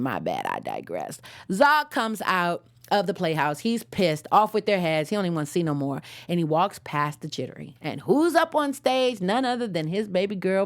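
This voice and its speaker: A young adult woman hosting a casual episode recap, slangy and digressive, laughing at her own jokes. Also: medium pitch. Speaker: show host.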